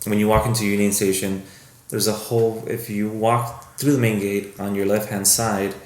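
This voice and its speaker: A man's voice: on the low side, little pitch movement, moderate pace, a little mellow. A man guest on a podcast, a film producer, telling rambling stories in a casual way and acting out the voices he quotes. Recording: echoey room with faint noise.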